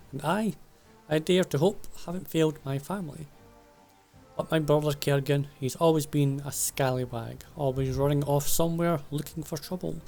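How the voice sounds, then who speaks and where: A man reading game dialogue aloud as a proud male dwarf smith who is stern about family honour, in an earnest, measured way. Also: on the high side, vocal fry, darkish tone.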